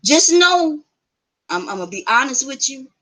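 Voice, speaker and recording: A woman's voice: high-pitched, big pitch swings, moderate pace, sharp tone, rough recording. A middle-aged woman hosting a live show, chatting casually and bluntly with viewers, swearing now and then. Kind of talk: casual live-stream chat.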